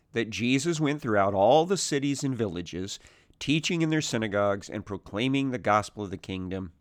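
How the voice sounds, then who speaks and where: A man teaching through a Bible passage in a measured, thoughtful way, pausing often with "uh" and restarting phrases. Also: mid-range voice, clean tone, no room sound, clean studio sound.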